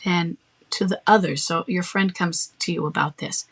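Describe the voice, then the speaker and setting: A woman's voice: on the low side, fairly even intonation, normal speed, fairly bright tone, slightly rough. A woman coach giving advice in a firm, matter-of-fact way, acting out short bits of dialogue. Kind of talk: advice talk.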